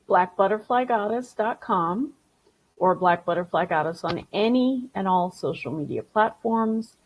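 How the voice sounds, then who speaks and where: A woman's voice: mid-range voice, expressive, measured pace, low-quality recording. A woman guest, a spiritual healer, chatting upbeat and affirming, often repeating her phrases. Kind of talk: casual interview chat.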